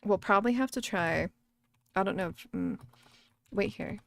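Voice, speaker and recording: A woman's voice: medium pitch, normal speed, creaky, fairly bright tone, no echo. A woman streamer chatting casually while gaming, rambling, laughing often and swearing freely.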